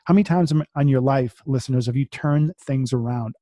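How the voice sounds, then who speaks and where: A man's voice: mid-range voice, quick pace, mellow, no room sound. A man from the US East Coast, a podcast guest, talking casually and reading affirmations aloud, often repeating his words.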